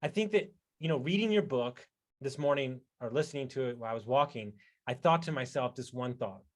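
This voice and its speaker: A man hosting a podcast in a casual conversation, telling stories loudly and emphatically, swearing freely. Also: mid-range voice, animated, brisk. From Texas. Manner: loud, emphatic storyteller who swears freely. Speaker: podcast host.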